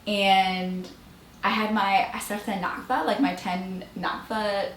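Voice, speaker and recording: A young woman talks to her camera, chatty and loose, with lots of fillers and bursts of laughter. Her voice sits at an ordinary middle pitch. The room around her sounds echoey, with a faint hum of ambience. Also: fairly even intonation, slow, fairly bright tone. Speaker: beauty vlogger. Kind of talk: casual storytelling to camera. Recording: roomy echo, faint ambience.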